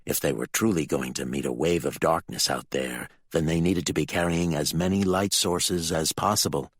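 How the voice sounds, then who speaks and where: A man narrating a fantasy audiobook with expressive, dramatic storytelling. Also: a bass voice, normal speed, slightly rough, dry recording.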